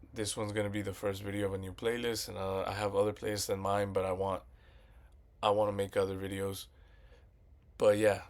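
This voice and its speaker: Profane rambling young man ranting about movies. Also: lowish voice. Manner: profane, rambling, retells scenes with quoted voices. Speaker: movie commentary vlogger. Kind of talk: casual movie rant.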